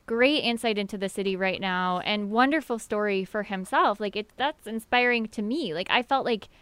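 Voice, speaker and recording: A woman's voice: mid-range voice, moderate pace, a bit bright, clear, resonant tone, no room sound. A woman co-hosting a radio talk show, chatting casually and jokily, often talking over her partner. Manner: chatty, jokey, talks over her co-host. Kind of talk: casual chat.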